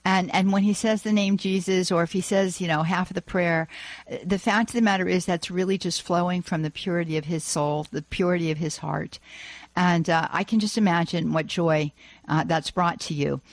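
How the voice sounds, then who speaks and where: A woman's voice: lowish voice, steady tone, normal speed, dry recording. Effusive woman hosting a call-in show. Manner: effusive, gushing praise, many fillers. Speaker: radio call-in show host. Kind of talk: Catholic radio call-in hosting. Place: radio studio.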